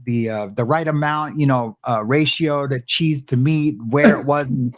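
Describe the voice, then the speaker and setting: A man's voice: medium pitch, steady tone, moderate pace. A man casually sharing prison stories, rambling and searching for words with frequent restarts. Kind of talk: casual storytelling chat.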